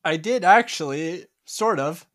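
Wry man with a lively, swooping voice. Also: fairly high pitch, unhurried. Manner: wry, teasing banter. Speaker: podcast co-host. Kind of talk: casual chat.

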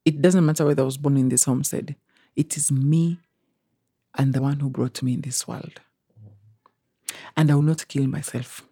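A woman's voice: low voice, moderate pace, pauses often, slightly rough, no room sound, clean studio sound. Kenyan woman telling her story animatedly. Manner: animated, acts out quoted voices, mixes in Swahili. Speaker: interview guest. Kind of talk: emotional personal storytelling.

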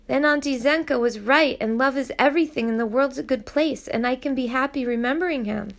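Brief: a woman playing a desperate teen girl, breathless and urgent, high and gravelly. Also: brisk. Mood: emotional. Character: desperate teenage girl, anguished and pleading.

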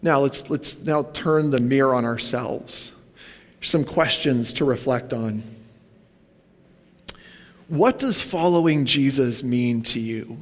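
Conversational pastor in an echoey church. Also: male voice, mid-range voice, slow pace, pauses often. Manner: conversational, asks the congregation questions, goes off on tangents. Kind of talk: sermon.

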